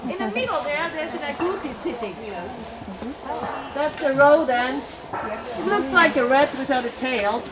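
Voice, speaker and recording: A woman, the founder of a wildlife sanctuary, explaining animals to a tour group in a lively, explanatory way. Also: sits high, normal speed. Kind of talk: outdoor guided tour talk. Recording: crowd chatter and animals behind.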